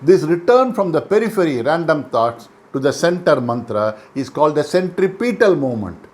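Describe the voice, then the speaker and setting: A man giving a calm, measured meditation lesson, repeating his key phrases as he explains. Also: a little high. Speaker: meditation teacher. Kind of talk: instructional lecture.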